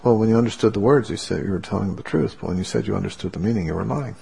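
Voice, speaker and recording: A man voicing a strange, mysterious woman from a legend, speaking in a brisk, matter-of-fact way. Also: on the low side, creaky, dark tone, slightly rough, heavily acted.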